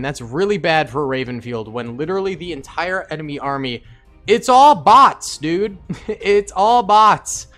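A young man giving excitable let's-play commentary, yelping and laughing often. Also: on the high side. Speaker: gaming YouTuber.

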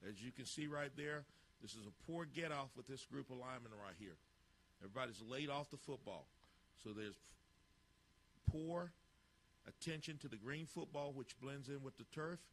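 Blunt football coach narrating drill footage. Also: male voice, medium pitch, normal speed, fairly bright tone, a little hiss or hum. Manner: blunt, instructional, clipped coaching cues.

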